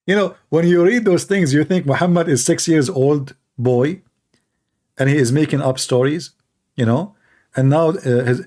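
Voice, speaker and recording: A man's voice: fairly high pitch, unhurried, long pauses, a little mellow. A man hosting mocking religious commentary in a sarcastic, incredulous tone. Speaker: host.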